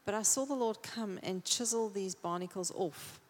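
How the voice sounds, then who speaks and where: A woman of mid pitch speaks earnestly to a church congregation, recounting a picture she was given. Her voice carries a long echo from the hall. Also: moderate pace. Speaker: congregation member sharing a vision. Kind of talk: testimony.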